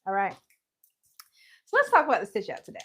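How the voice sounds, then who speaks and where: A woman's voice: medium pitch, huge pitch swings, fast talker, fairly bright tone, husky. A woman hosting a casual embroidery livestream from home, chatty and joking, laughing often and greeting viewers by name. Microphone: live-streaming setup.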